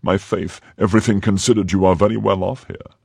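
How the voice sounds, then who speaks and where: A man's voice: sits low, moderate pace, vocal fry, darkish tone, breathy edge, no room sound, studio quality, heavily acted. A man reading the part of a cruel nobleman jailer who mocks and threatens his prisoner in an audiobook. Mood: jeering. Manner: mocking, then menacing.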